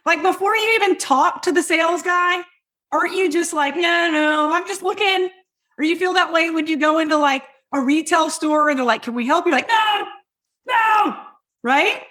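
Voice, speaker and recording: A middle-aged woman hosting a podcast, coaching listeners on sales in a loud, hypey, direct way. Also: high voice. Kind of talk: energetic teaching monologue.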